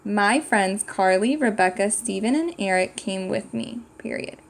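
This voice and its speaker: Speaking with medium pitch and a touch of vocal fry, this woman sounds animated but a little slow. She's leading young kids through a writing lesson, sounding out words and thinking aloud with patience, in a clear, unhurried classroom style.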